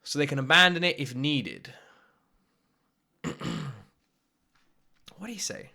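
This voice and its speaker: A British man hosting an anime reaction, talking in an animated, swearing, off-the-cuff way. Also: a little high. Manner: animated, swears freely, quick asides and laughs. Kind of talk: casual reaction commentary.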